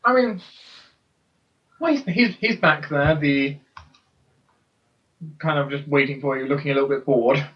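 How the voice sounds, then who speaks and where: A man running a tabletop game as game master, narrating scenes in a casual, halting way. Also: on the high side. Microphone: computer mic on a voice call. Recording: distant, dull voice-chat audio.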